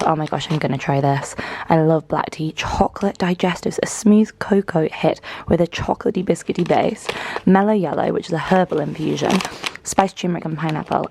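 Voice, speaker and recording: A young woman vlogging casually from a hotel room, gushing and excitable with soft whispered asides, her voice going hoarse. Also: fairly low pitch, slight background noise. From northern England. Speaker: lifestyle vlogger. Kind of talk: casual vlog chat.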